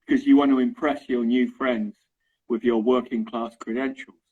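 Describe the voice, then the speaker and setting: A man's voice: mid-range voice, steady tone, normal speed, slightly rough. A middle-aged man with an Estuary English accent from London, chatting casually as an English teacher and checking in with "right?" and "okay?"; dull lo-fi recording. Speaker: English teacher, interview guest. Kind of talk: casual explanatory chat.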